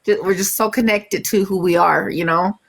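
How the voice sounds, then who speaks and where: A woman's voice: mid-range voice, steady tone, normal speed, creaky, breathy edge. A middle-aged woman hosting a live stream, chatting casually, laughing often and trailing off with fillers. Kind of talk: casual chat.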